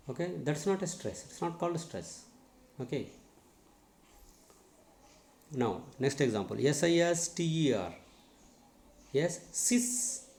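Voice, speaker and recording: A man with an Indian English accent teaching English pronunciation in a slow spoken lesson, repeating words to model stress and drilling his students. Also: medium pitch, a little mellow. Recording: echoey room.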